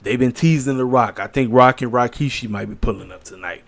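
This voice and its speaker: A tired man talks late at night in a loose, rambling way, trailing into fillers as he goes. He is blunt and opinionated and calls his picks with no hedging. His pitch sits in an ordinary middle range. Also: brisk, creaky, fairly bright tone. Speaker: wrestling commentary channel host. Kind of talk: casual solo predictions video.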